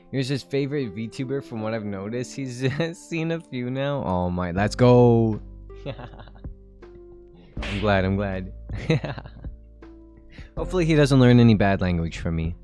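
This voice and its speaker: A man in his twenties rambles through casual chat on his stream, laughing often. His voice sits in a mid range. Faint music plays quietly behind him. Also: medium pitch, animated, measured pace, long pauses. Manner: rambling and chatty, with frequent laughs.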